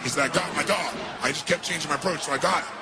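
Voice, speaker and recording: A man speaking as a motivational speaker, telling a story in an animated way and throwing rhetorical questions at his audience. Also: fairly high pitch, racing, creaky, over a noisy crowd. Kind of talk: storytelling talk. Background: music.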